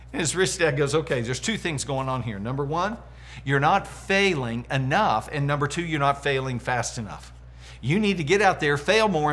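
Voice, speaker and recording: A middle-aged man giving a motivational leadership lesson, telling stories and acting out what people said. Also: mid-range voice. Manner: animated storyteller acting out quotes. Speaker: leadership coach. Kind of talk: motivational teaching talk.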